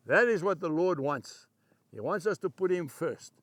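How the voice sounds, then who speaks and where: A man preaching a devotional sermon, emphatic and slowing down to read scripture aloud. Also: fairly high pitch, lively intonation, dry recording.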